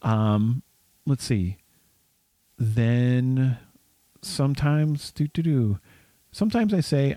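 Slow and often pausing, this man co-hosts a laid-back podcast, stumbling through plenty of fillers and restarts. His medium-pitched voice has a warm tone, and the recording is dry.

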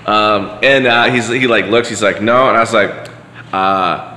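Deep-voiced man rambling through a story. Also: measured pace, pushed and bright. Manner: rambling, many fillers and restarts. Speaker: podcast guest. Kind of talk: casual conversation, storytelling. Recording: echoey room with long reverb and faint hiss.

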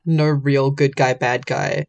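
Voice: medium pitch, little pitch movement, slow, gravelly, a little mellow. A podcast panelist casually discussing a cartoon's moral gray areas, chatty, with fillers and laughs. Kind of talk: casual chat about a cartoon.

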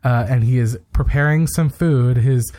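A man's voice: medium pitch, moderate pace, mellow. A man co-hosting a podcast, casually recapping a TV episode and retelling scenes with quoted lines and plenty of fillers. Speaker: podcast co-host.

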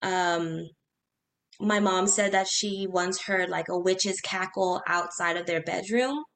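Animated woman telling a spooky story. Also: on the low side. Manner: animated, quick bursts, acts out her own reactions. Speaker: podcast guest telling ghost stories. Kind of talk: casual storytelling chat.

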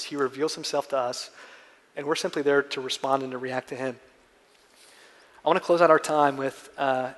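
Earnest pastor in an echoey church. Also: male voice, fairly high pitch. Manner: conversational, earnest storytelling. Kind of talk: sermon.

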